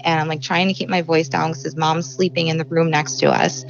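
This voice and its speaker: A woman's voice: lowish voice, fairly even intonation, normal speed, creaky, dull audio. A young woman from the Chicago suburbs telling a personal story in a conversational way, full of "like" and acted-out dialogue. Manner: conversational, frequent "like" fillers, acts out quoted dialogue. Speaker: guest telling her story.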